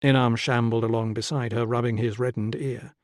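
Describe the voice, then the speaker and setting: A man's voice: mid-range voice, level tone, fairly quick, dry recording. Man narrating an audiobook, dry sound. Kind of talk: scripted narration. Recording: dry close studio sound.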